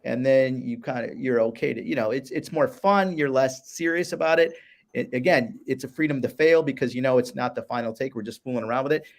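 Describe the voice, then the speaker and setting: A man's voice: mid-range voice, brisk. A man, a business advisor guest, talking enthusiastically in a casual chat and repeating words as he starts.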